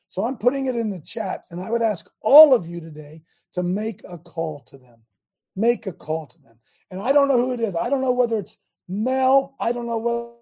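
A man's voice: sits high, darkish tone, husky. An older American man hosting a talk show, rallying listeners in a rambling, preachy monologue with many restarts.

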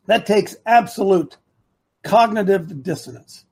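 Rambling husky-voiced male talk host. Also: high voice, animated, a little slow. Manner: rambling, repeats himself for emphasis, talks to producer and chat. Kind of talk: live opinion commentary show.

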